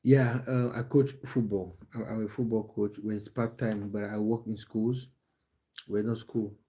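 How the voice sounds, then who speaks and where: A man's voice: lowish voice, little pitch movement, a little slow, warm tone. A man, a football coach, chatting casually on a live stream from his phone at home, answering viewers with many restarts and fillers. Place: at home in England.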